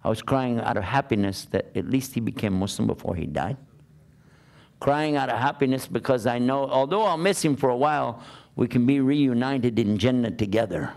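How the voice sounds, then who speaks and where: A man's voice: medium pitch, creaky, darkish tone. A man giving a conversational sermon, asking his listeners rhetorical questions as he preaches. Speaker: Islamic preacher.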